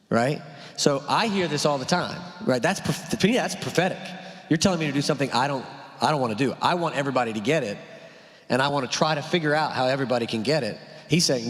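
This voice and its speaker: A man's voice: mid-range voice, lively intonation, brisk. A male pastor, talking through a sermon in a conversational way, full of rhetorical questions and "right?". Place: church hall. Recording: long hall reverb.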